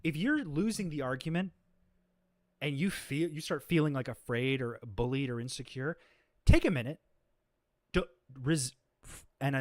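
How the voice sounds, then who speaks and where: In an unplanned livestream rant, the host sounds exasperated and confrontational, declaring he's exhausted amid many fillers and restarts. His voice is mid-range, and the sound is clean studio quality with no echo.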